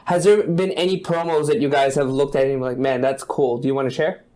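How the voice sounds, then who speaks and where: A man's voice: fairly high pitch, fast, warm tone. A man hosting a business interview, asking questions in a friendly, upbeat way and wrapping up the show. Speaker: interview host.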